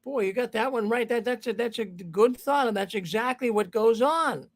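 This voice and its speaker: A man's voice: extremely high pitch, moderate pace. A man hosting a call-in show, rambling and repeating himself. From Boston. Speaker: host.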